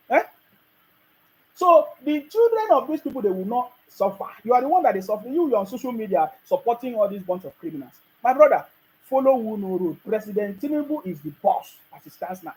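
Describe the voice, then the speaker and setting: A man's voice: very high-pitched, a little mellow, low-quality recording. A man with a Nigerian accent, delivering a mocking political rant and laughing at his opponents. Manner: mocking, laughs often, scolding the listener. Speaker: political commentator. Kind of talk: ranting monologue.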